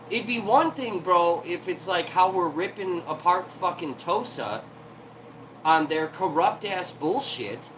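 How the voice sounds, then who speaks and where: A man's voice: high voice, lively intonation, measured pace, a bit bright, slight background noise, poor audio. A man hosting a livestream from home, ranting heatedly and profanely in an irritated tone. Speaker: livestream host.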